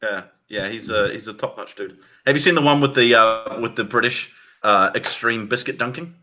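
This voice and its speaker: A man's voice: mid-range voice, moderate pace, bright, forceful tone, lo-fi sound. A man in casual chat on a video call, enthusiastic, laughing often and swearing freely.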